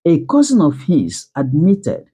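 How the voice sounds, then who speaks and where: A woman narrating a dramatic first-person story with slow, emotional delivery. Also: sits low, huge pitch swings, dark tone, breathy edge.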